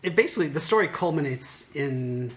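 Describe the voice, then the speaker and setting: A woman co-hosting a casual group chat, animated and laughing often as she picks apart an episode. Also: low voice, fairly quick, slight background noise. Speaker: podcast co-host.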